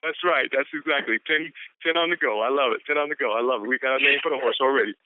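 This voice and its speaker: Over a tinny phone line with no echo, a man with a medium-pitched voice gives an exuberant, repetitive pep talk on a business conference call. He talks quickly and whoops often.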